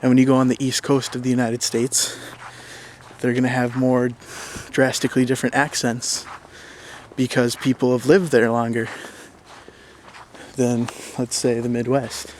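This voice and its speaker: Rambling young Minnesotan man, flat tone. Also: medium pitch, normal speed, slight background noise. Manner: relaxed and rambling, with many fillers. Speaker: YouTuber. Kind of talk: casual talk to camera.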